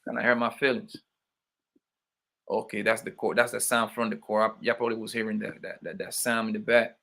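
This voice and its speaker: A man's voice: on the low side, flat delivery, brisk, vocal fry, fairly bright tone. A man with hosting a casual livestream, greeting viewers by name and teasing them in loose slangy banter. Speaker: livestream host. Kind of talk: casual livestream chat, reading viewer names.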